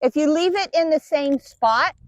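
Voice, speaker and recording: A woman's voice: sits high, moderate pace, no room sound. A woman dog trainer patiently explaining each step while giving cues and praise to her dog. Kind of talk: instructional demonstration.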